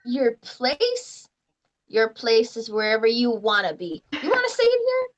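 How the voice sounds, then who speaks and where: A carefree female adventurer talks in a breezy, teasing way, voiced by a woman. Her voice sits fairly high and swings widely in pitch. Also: wildly swooping pitch, measured pace, dull audio. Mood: coaxing.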